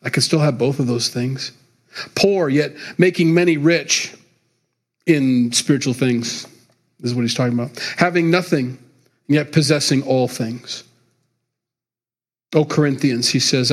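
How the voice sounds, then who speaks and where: A man's voice: mid-range voice, steady tone, moderate pace. A middle-aged man preaching a sermon as pastor, talking in a loose, conversational way and chuckling between points.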